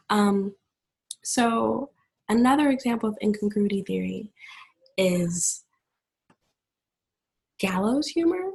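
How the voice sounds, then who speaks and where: A woman's voice: mid-range voice, gravelly, breathy edge, low-quality recording. A woman hosting a podcast from home, chatting casually with many fillers and restarts. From United States. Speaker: podcast host. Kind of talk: casual solo podcast talk. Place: at home with family in the background.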